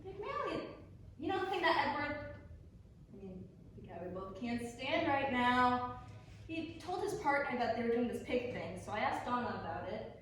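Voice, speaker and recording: A woman's voice: fairly high pitch, sing-song, a bit bright, a little hiss or hum. A young woman acting on stage as a blunt, ambitious young legal secretary who swears and laughs easily. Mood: teasing. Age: young adult. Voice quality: brash, swearing, quick to laugh. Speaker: student actor. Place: theater stage. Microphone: far camera. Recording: echoey stage heard from far off.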